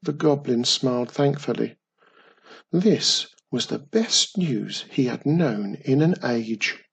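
Slow, husky male storyteller. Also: medium pitch. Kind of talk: children's story narration.

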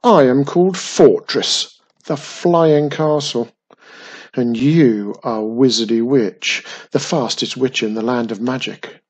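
A man voicing a grumpy male talking flying castle, booming and loud, with old-fashioned phrasing. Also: slow, breathy edge.

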